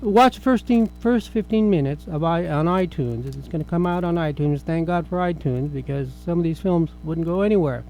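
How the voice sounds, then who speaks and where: A middle-aged man with a high voice hosts a relaxed film review chat. His tone is mellow and soft-edged, and he rambles along, restarting sentences as thoughts occur to him. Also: moderate pace, few pauses, slight background noise, poor audio. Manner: chatty, rambling, with frequent restarts. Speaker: film review show host.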